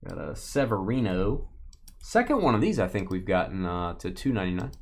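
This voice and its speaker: A man with a low, gravelly voice talks fairly quickly while hosting a live card-opening stream. He jokes and banters casually with the people in the room and the chat, his playful delivery swinging lively up and down.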